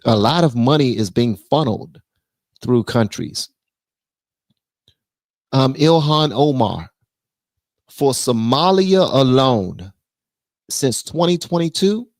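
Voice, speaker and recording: A man hosting a casual political live stream, blunt and animated, reading viewer messages aloud. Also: medium pitch, no room sound. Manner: blunt, animated, reads super chats aloud.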